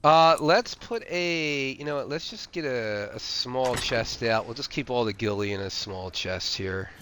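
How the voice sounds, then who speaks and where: A man chats his way through a survival game stream, thinking aloud and trailing off into fillers. His voice is bright and forceful at a middling pitch. Faint background noise and mouse clicks sit under the talk. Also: a little slow. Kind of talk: casual gameplay commentary.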